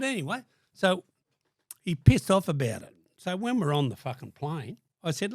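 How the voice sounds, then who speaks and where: An older Australian man with a sing-song voice on the high side speaks at normal speed, recorded in clean studio sound with no room sound. He's a guest in a casual interview, swearing constantly as he bluntly recounts stories and acts out the quotes.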